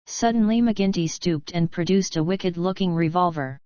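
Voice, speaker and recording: A woman narrating an audiobook in a measured, even reading in a dull lo-fi recording. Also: lowish voice, no echo. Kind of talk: scripted narration.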